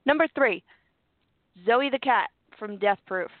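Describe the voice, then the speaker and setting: A woman from Philadelphia co-hosting a show in casual chat, animated and quick to laugh. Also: on the high side, dry recording. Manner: animated, laughs often, chatty. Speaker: co-host. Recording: tinny phone-like line, dry.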